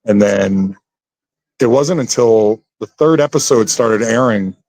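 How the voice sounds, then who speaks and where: Male actor guest, casual chat, animated storyteller who slips into voices, dry close sound. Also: on the low side, measured pace, no echo, low-quality recording. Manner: animated, acts out voices in his anecdotes.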